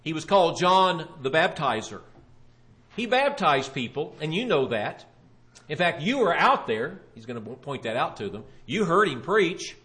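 A man preaching a sermon, retelling a Bible story with animated storytelling and voicing the questioners. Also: on the high side, moderate pace.

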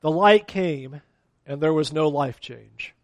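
A man's voice: on the high side, slow pace, dry recording. A man preaching a sermon as a pastor, acting out quotes of complaining people along the way.

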